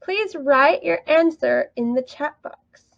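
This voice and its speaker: A woman's voice: high voice, slow pace, no room sound, dull audio. A woman teaching an online English lesson, upbeat and encouraging, praising students often.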